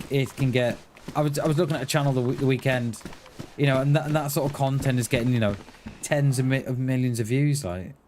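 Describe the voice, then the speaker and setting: A man's voice: medium pitch, darkish tone. A middle-aged man chatting casually to viewers while streaming a game, calling them "mate" and often restarting his sentences. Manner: chatty, says "mate" a lot, many restarts. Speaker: livestream gamer. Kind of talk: casual livestream chat. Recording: faint background noise and clicks.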